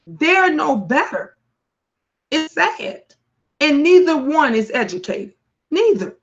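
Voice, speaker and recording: A woman's voice: medium pitch, a bit bright, dull audio. Blunt, profane woman talk-show host. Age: middle-aged. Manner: blunt, profane, fired-up storytelling. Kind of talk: live-stream commentary, reading chat.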